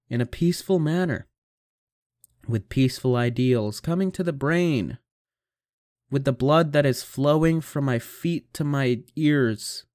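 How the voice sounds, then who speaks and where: Young male podcaster, casual and profane, self-mocking, mid-pitched, dry home-mic recording. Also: moderate pace, a little mellow, dry recording. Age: young adult. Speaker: podcast host. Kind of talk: casual solo podcast rambling. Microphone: home computer microphone.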